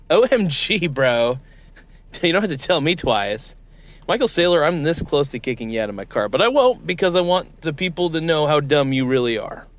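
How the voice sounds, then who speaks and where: A man's voice: on the high side, sing-song, normal speed. A man hosting a comedy sketch interview, playing a mock-outraged, exasperated interviewer. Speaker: show host.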